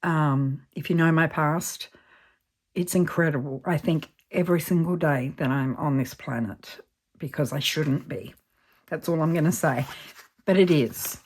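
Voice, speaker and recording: A woman's voice: low-pitched, measured pace, slightly rough. A woman with an Australian accent chatting casually in a vlog as she opens mail, gushing and easily moved. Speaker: budgeting channel host. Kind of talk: casual vlog chat while opening mail.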